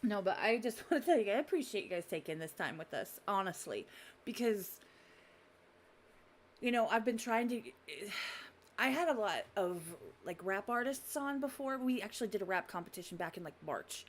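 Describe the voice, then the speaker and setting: A woman's voice: medium pitch, lively intonation, normal speed, slight background noise. A woman hosting an unscripted podcast, chatty and giggly. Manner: giggly, chatty, swears freely. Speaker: podcast host. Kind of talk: casual unscripted chat.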